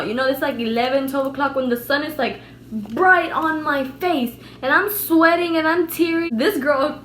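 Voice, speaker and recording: A young woman telling a storytime vlog, animated and emphatic, swearing freely. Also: high-pitched. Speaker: vlogger. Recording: echoey room with faint background noise.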